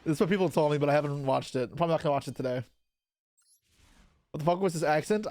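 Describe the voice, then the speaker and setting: A man's voice: on the high side, fast talker, a little mellow, no echo, studio quality. A young man chatting casually on a live stream, answering his chat aloud while opening card packs, with offhand swearing. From Canada.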